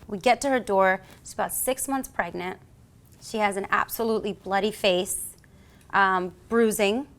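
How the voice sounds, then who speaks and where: A woman from the United States with a New York accent, a police officer telling a story as an interview guest and acting out the voices in it. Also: mid-range voice. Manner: acts out voices in her stories, lively and theatrical. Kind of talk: animated storytelling.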